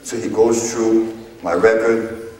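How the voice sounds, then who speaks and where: Slow-talking man in an echoey hall. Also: on the low side, steady tone, a little mellow. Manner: slow, deliberate, laughs at his own story. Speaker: herbalist speaking to an audience. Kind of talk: lecture with courtroom storytelling. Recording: echoey hall, mic far off, faint noise.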